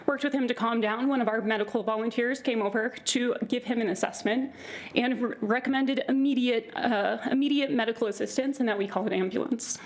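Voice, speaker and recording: A woman giving a nervous, halting, earnest public comment at a board meeting. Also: on the high side.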